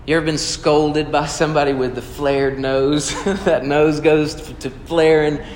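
In an echoey hall with long reverb and slight background noise, a pastor preaches a sermon in an earnest, conversational way, asking his audience questions. His slightly high voice moves little in pitch, and he speaks a little slowly.

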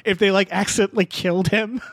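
A man co-hosting a casual podcast chat, talking in an animated, profane way and acting out quotes. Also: sits high, fast, dry recording, studio quality. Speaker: podcast co-host.

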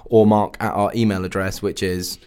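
Chatty radio host, low voice. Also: male voice, level tone, normal speed, a little mellow, clean tone. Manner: chatty, rambling with many fillers. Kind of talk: casual radio banter.

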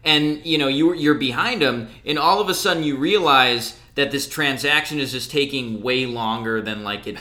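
Bright-voiced man telling a rambling story. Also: medium pitch, moderate pace, few pauses. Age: 30s. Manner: rambling, lots of fillers and restarts. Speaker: podcast co-host. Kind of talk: casual storytelling chat.

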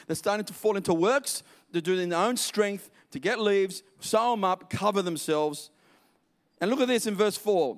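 A man's voice: sits high, animated, moderate pace. A man preaching a sermon in an emphatic, repetitive way, drawing out key words.

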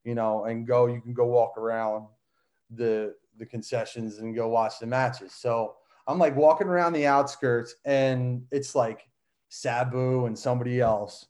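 A man telling a childhood story in casual chat, animated, with lots of fillers and frequent laughter. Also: medium pitch, a little slow. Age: adult. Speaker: guest, son of a wrestler.

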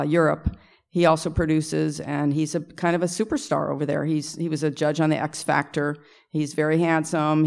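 Speaking in a low, gravelly voice, a middle-aged composer and arranger rambles through anecdotes at a luncheon Q&A. She pauses often to fix what she's said and adds asides with a laugh, all in a luncheon event room.

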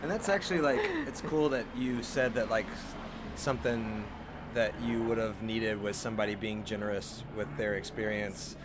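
Calm low-voiced male podcast host. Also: normal speed, noisy background. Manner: calm, affirming, ends points with "right?". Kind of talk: reflective interview talk.

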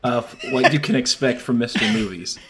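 A man co-hosting a casual podcast chat, goofy and quick to make fun of himself. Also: medium pitch, a bit bright, slight background noise. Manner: goofy, self-mocking. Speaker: podcast co-host.

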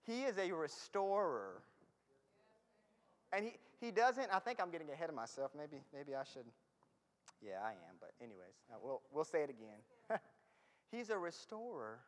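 Guy preaching in a church hall, kinda high voice, laughs a lot, long echo. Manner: conversational, laughs often, loses his place. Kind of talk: sermon. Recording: reverberant hall.

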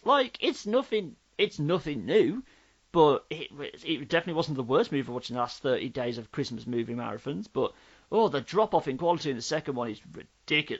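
Co-host, Black Country man, lively swooping delivery, emphatic takes, muffled audio. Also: mid-range voice, brisk. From Black Country, England. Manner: animated, emphatic opinions. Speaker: podcast co-host. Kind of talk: casual film review chat.

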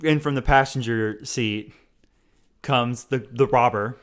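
A man's voice: medium pitch, unhurried, a bit bright. A young man co-hosting a podcast, casually recapping a TV episode with dry, easygoing remarks. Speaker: podcast co-host.

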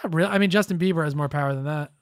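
A man's voice: on the high side, rapid-fire, no echo, clean studio sound. A man co-hosting a political podcast, casual, sarcastic and loose, with some swearing. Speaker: podcast co-host.

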